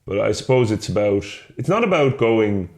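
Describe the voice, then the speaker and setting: Low-voiced man, hesitant podcast chat. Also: very animated, moderate pace, darkish tone. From Netherlands. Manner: hesitant, many restarts and self-corrections. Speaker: podcast co-host. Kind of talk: casual conversation.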